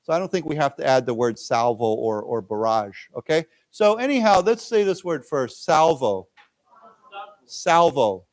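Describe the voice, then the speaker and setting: A man's voice: medium pitch, lively intonation, normal speed, few pauses, no room sound. A man teaching an English lesson, explaining words with everyday examples and often checking in with "okay?" and "right?". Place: library lecture room.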